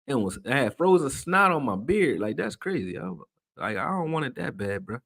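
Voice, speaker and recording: A man hosting a live stream, chatting casually with viewers and reading their comments aloud in a loose, slangy way, swearing freely and getting loud when he is worked up. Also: medium pitch, very animated, moderate pace, creaky.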